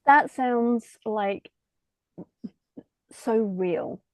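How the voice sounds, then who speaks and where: A woman's voice: a little high, extremely slow, a little mellow, dry recording. A woman host asking thoughtful, probing questions in a casual interview. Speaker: podcast host.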